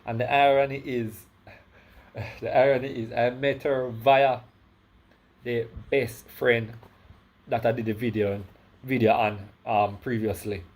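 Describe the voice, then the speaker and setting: A man's voice: medium pitch, steady tone, unhurried, pauses often. Jamaican man with a slight lisp. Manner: rambling, self-correcting, many "right?" tags. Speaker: vlogger. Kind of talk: casual storytime monologue.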